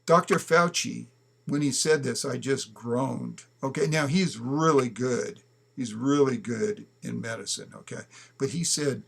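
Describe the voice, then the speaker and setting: A man's voice: mid-range voice, unhurried, gravelly, husky. A man giving an emphatic opinion talk, often checking in with "okay?" as he argues. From United States. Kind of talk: opinion commentary to camera.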